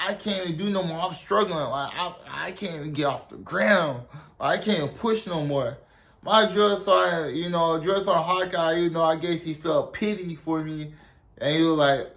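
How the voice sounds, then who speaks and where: A man's voice: on the high side, fairly even intonation, normal speed, a bit bright. A young man from South Carolina, telling a story casually and rambling with lots of "like" and "you know". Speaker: storyteller, army veteran.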